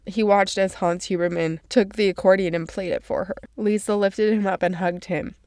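A woman's voice: medium pitch, fairly even intonation, moderate pace, darkish tone, dry recording, studio quality. A woman reading passages from a novel and retelling the story, emotional and crying as she goes. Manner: emotional, tearful at moments. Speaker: book summary reader. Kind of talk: reading and summarizing a novel aloud.

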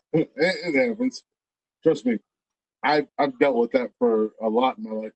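A man's voice: medium pitch, huge pitch swings, unhurried, gravelly, darkish tone, slightly rough, no room sound, highs cut off. A middle-aged man telling rambling stories in casual chat, stammering through restarts and swearing freely.

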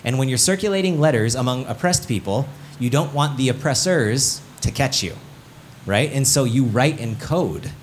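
A man preaching a relaxed, conversational sermon before a live congregation. His voice sits at a middle pitch, and he jokes, quizzes the listeners and fills his pauses with "um" and "like". A faint hum of noise sits under the recording. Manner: chatty and joking, with many fillers like "um" and "like"; asks the audience questions and waits for replies. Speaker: pastor. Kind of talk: casual teaching sermon.

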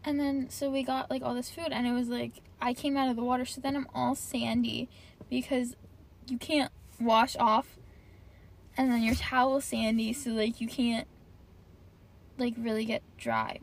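A young woman hosts a casual solo podcast from her car, ranting and complaining with plenty of profanity and "like" everywhere. Her voice is a little high and gravelly, with a flat delivery at normal speed.

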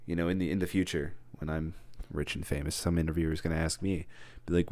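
A man's voice: very deep voice, flat delivery, fast talker, hardly any pauses, darkish tone, dry recording. A young man vlogging alone, joking and rambling off on tangents as he acts out mock interviews. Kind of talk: casual rambling monologue.

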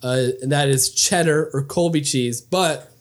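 A man with a somewhat high voice trades jokes in a loose, casual chat. He laughs easily and talks in halting bursts full of fillers. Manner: jokey and playful, laughs often, halting with fillers. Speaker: co-host.

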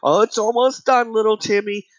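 A man's voice: sits high, steady tone, moderate pace, no room sound, voice pushed up, lightly acted. A man mocking a doting parent who coos baby talk at a misbehaving child. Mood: cooing.

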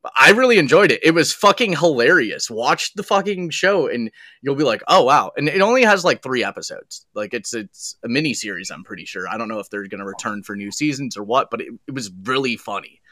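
Man, bright tense voice, casual podcast banter, swears a lot, dry close sound. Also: mid-range voice, expressive, fairly quick, few pauses, no echo. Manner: joking, swears a lot, laughs often. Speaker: podcast co-host. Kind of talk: casual profane chat.

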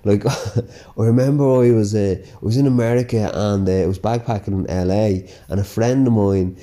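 A man's voice: on the low side, steady tone, moderate pace, dark tone. A man with a Dublin accent casually telling stories about his life, chatty and full of "you know" and "like", often laughing as he goes. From Ireland. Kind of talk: casual personal storytelling.

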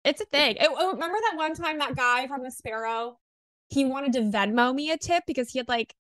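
A young woman co-hosting a podcast, chatting casually with quick, bubbly reactions. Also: high voice, fairly bright tone, no echo, clean studio sound. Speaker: podcast co-host. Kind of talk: casual chat.

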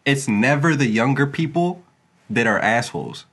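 A man's voice: mid-range voice, expressive, moderate pace, a bit bright. A young man telling stories in casual chat, loose and profane, often acting out quotes in a raised voice.

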